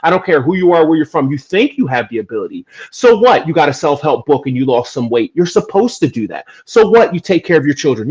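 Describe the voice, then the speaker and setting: A man from New Jersey talking earnestly and emphatically in a casual podcast chat, making his case with animated bursts. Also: fairly high pitch, husky. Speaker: podcast guest. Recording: dull lo-fi audio.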